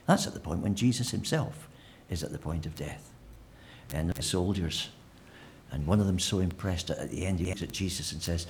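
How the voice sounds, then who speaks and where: Chatty preacher with a low voice. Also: male voice, brisk, a little mellow, slight background noise. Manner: conversational, with frequent fillers and restarts. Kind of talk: sermon. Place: church.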